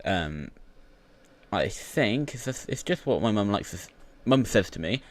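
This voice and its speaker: A man's voice: lowish voice, very animated, unhurried. A British man who is a YouTuber, rambling through casual gaming commentary full of fillers and restarts.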